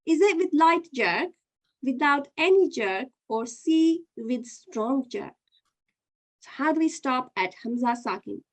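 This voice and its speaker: A woman's voice: high voice, expressive, slow. A woman teaching an online Qur'an reading lesson, patiently explaining step by step and running a quiz.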